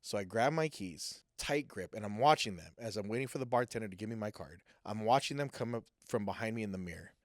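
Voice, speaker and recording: A man with a fairly low voice tells a personal story in a loose, casual way. He gets animated and acts out what people said. The recording is close and dry, with no room sound. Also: fast, few pauses, dry recording. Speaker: guest sharing a personal testimony.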